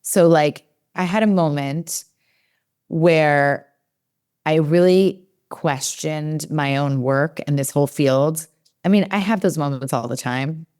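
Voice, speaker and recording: A woman's voice: low-pitched, takes it slowly, darkish tone, clean tone. A woman in her forties, a developmental psychologist, chatting in a podcast interview and acting out her own inner dialogue with many fillers.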